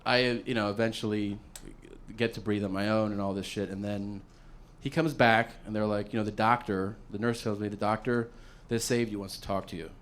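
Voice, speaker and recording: A man on a comedy stage, spinning a long personal story and swearing freely. He acts out the other people's lines as he goes, and his voice has a bright, forward ring. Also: lowish voice, steady tone, fairly quick. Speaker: stand-up comedian. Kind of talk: stand-up storytelling.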